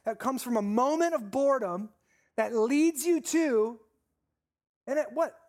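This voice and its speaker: The pastor's voice sits high with a darkish tone as he preaches, repeating and stressing phrases. He slows for key lines and addresses questions to the congregation.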